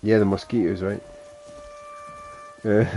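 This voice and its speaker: Low, mellow Suffolk man streaming. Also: little pitch movement, slow. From England. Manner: rambling, self-mocking, chuckles to himself. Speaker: game streamer. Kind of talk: casual gameplay chat.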